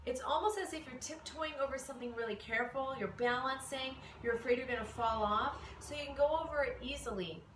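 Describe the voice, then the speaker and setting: A woman voice teacher explaining singing exercises in a relaxed way, with fillers. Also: sits high, brisk, hardly any pauses, slight background noise. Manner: relaxed explaining with fillers, demonstrates vocal slides. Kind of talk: instructional lesson. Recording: echoey room, mic at a distance.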